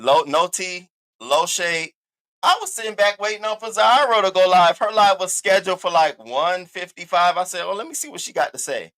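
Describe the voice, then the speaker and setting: A man hosting a casual live commentary stream, talking in an animated, sassy and profane way, repeating catchphrases and swinging his voice up high for emphasis. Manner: animated, sassy and profane, with big swoops in pitch. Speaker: livestream host.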